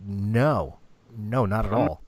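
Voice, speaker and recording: A man chats as a podcast guest, slow and halting, often repeating words as he goes. His pitch swings widely. The sound is dry and close. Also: lively intonation, darkish tone, no echo. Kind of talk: casual chat.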